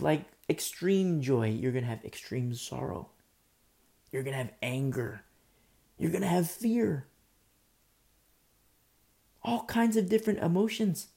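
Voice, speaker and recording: A man preaching a sermon with a mellow, warm tone. He talks with passion and repeats lines for emphasis. He restarts phrases and drops in asides as he goes. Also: on the high side, vocal fry. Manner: impassioned, repetitive, with many restarts and asides.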